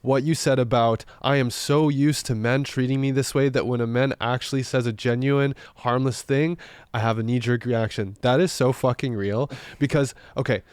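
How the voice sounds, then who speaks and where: A man's voice: medium pitch, steady tone, normal speed, a little mellow, smooth, dry recording, clean studio sound. A man in his late twenties hosting a podcast, earnest and thoughtful. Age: late 20s. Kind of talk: casual podcast chat.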